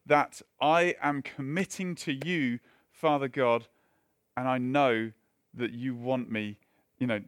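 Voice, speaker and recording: A male preacher delivering a sermon in a loose, conversational way, breaking off for wry asides and restarting his sentences. His voice sits fairly high for a man and sounds close and dry, with little room around it. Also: dry recording.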